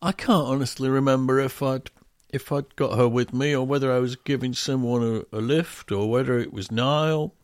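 A man's voice: mid-range voice, fairly even intonation, moderate pace, no room sound, clean studio sound. A man co-hosting a podcast, rambling in casual chat and acting out other people's questions in a raised voice. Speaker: podcast co-host.

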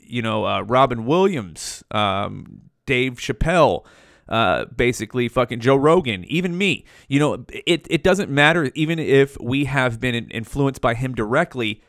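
Man, mid pitch, hosting his show solo; loose, profane, slangy rambling into a dry close mic. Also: animated, measured pace, a bit bright, no room sound. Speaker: podcast host. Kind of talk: rambling casual monologue.

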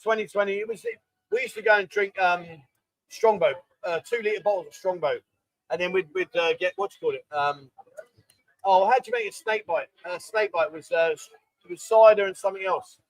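A man's voice: high voice, a little fast, no room sound, poor audio. A man hosting a casual live chat show from a bar, chatty and scattered, thanking people by name as he goes. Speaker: host. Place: Pattaya bar.

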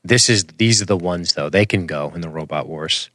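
A man's voice: sits low, moderate pace, fairly bright tone, no echo. A man co-hosting a podcast, riffing on a film in casual, profane banter. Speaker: podcast co-host. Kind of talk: casual film-review chat.

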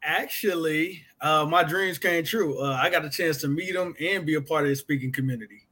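A man speaking earnestly in casual conversation, halting and restarting as he goes. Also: a little high, pushed and bright. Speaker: guest.

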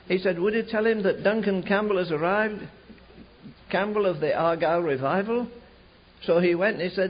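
An older man preaching a storytelling sermon, fervent and building to shouted climaxes, with a husky voice. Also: sits high. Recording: dull lo-fi archive recording.

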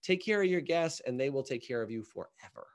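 In a relaxed podcast chat, a salon-owner coach speaks briskly in a mid-range voice. He's animated and emphatic, slipping into small quoted voices as he talks.

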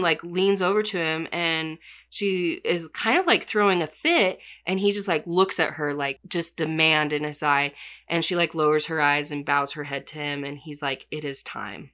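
Woman, casual storyteller, lower pitch, bright forward tone, rambling filler-heavy retelling. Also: smooth. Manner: chatty, filler-heavy, says "like" constantly.

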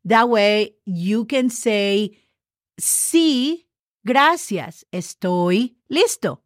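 A woman's voice: mid-range voice, lively intonation, very slow, no room sound, studio quality. A woman teaching a Spanish podcast lesson, who patiently repeats phrases and spells words out letter by letter. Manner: switches between English and Spanish.

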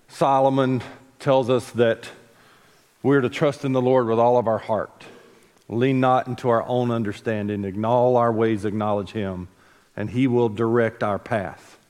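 Male pastor, mid-pitched, casual storytelling sermon delivery, long church reverb. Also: darkish tone. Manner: folksy storytelling with asides and self-corrections. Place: church sanctuary.

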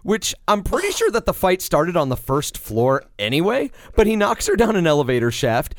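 A man's voice: sits high, moderate pace, no echo, clean studio sound. A man co-hosting a podcast, chatting casually and acting out movie scenes with swearing and jokes. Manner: animated, swears, acts out scenes. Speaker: podcast co-host. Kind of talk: casual chat.

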